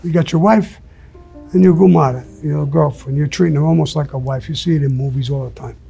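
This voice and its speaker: A man's voice: a little high, brisk, vocal fry, mellow, faint music behind. A man who talks bluntly and profanely as an interview guest, telling stories. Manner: profane, blunt storyteller who acts out quotes. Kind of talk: storytelling in casual interview.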